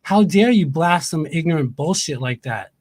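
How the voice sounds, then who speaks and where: Angry, profane male livestreamer, higher-voiced. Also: animated, moderate pace, darkish tone, dry recording. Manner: angry, profane, repeats himself. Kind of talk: heated livestream rant.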